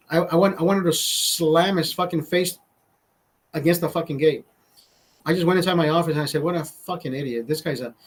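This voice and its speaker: Cursing, rambling man on a live stream. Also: a little high. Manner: profane, rambling, self-interrupting. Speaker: livestream host. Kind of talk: casual storytelling to live chat.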